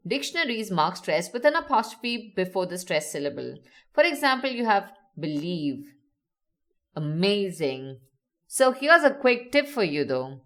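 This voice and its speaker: A woman narrating a scripted lesson with a lively, swooping pitch that rises and falls. Her tone is upbeat and instructive, and she slows down and draws out key words to stress them. Her voice sits in an ordinary middle pitch. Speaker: teacher.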